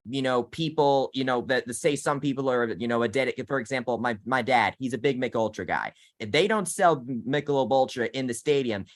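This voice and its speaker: Brief: early-20s male co-host, mid pitch, halting and filler-heavy. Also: a bit bright. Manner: hesitant, many restarts and fillers. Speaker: podcast co-host, college student. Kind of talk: casual sports chat.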